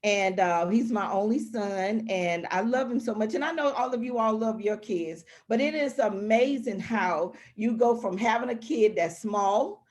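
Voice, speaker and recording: A woman's voice: medium pitch, measured pace, few pauses. A woman speaking as a guest on a community call, heartfelt and emphatic in her encouragement. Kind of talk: motivational talk.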